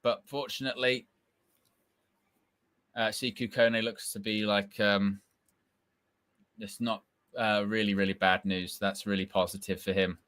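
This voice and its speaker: A young man doing casual live football watch-along commentary, reacting excitedly and shouting at big moments. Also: fairly low pitch, unhurried, pauses often, dry recording.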